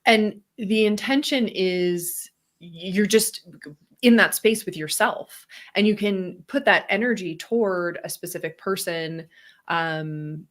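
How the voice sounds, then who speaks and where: A woman co-hosting a casual, reflective podcast conversation, talking animatedly and acting out quoted voices with laughs. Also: unhurried. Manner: animated, acts out quoted voices with big pitch jumps, laughs often. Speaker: podcast co-host.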